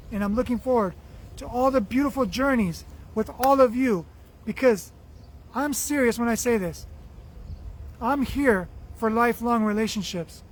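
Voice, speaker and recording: High-voiced man, earnest spiritual host. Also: a little hiss or hum. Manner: earnest, affectionate, repetitive phrasing. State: losing his voice. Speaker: livestream host reading viewer comments. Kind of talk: spiritual motivational livestream talk.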